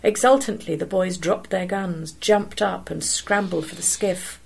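A woman narrating a story aloud in a steady, measured way. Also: on the low side, gravelly, husky, poor audio.

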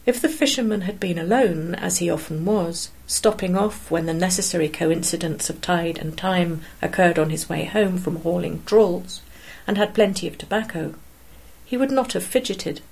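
A woman narrating a story aloud in a steady, measured way. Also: lowish voice, gravelly, husky, poor audio.

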